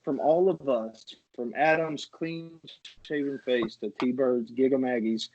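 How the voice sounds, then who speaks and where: A male podcast host signing off in a loose, rambling way, dropping fillers between jokes. His voice sits in a middle pitch, and the recording sounds slightly muffled. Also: steady tone, a little slow, a little mellow. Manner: rambling, filler-heavy, jokey. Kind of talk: casual podcast sign-off.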